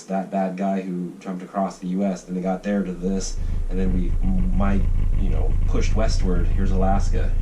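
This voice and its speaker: Deep-voiced rambling American man. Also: mellow. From United States. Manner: rambling, swearing, acts out voices of groups. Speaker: vlogger sketching ideas. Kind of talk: casual rambling monologue. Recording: distant mic with faint noise.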